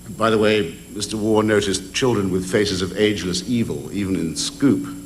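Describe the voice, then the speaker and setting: A man's voice: fairly low pitch, normal speed, a little hiss or hum. An Englishman cross-examining an opponent in a debate in a public hall, wry and ironic, with hesitant ums. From England.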